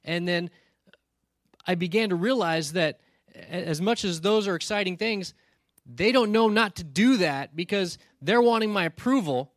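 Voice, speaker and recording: A man's voice: high-pitched, normal speed, no room sound, clean studio sound. A male pastor giving a sermon in a conversational, storytelling way, often checking in with "right?" and earnestly challenging his listeners.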